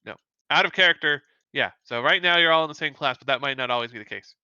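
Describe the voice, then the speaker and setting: A man running a tabletop game over an online call. He rambles, hesitating and correcting himself, and his voice is bright and very clear. The call audio sounds dull and lo-fi. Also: a little high, lively intonation, fast, no echo. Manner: rambling, self-correcting, many fillers. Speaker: game master. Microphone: remote call mic.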